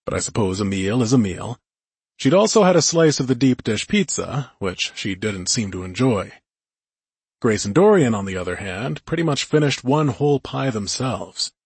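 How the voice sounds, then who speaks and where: A man narrating a first-person audiobook in a calm, measured way. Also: on the low side, breathy edge, no room sound.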